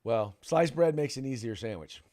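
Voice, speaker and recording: A man's voice: mid-range voice, lively intonation, moderate pace, warm tone. A man hosting a casual political talk podcast and reading sponsor spots. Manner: conversational, reads ad copy. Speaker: podcast host.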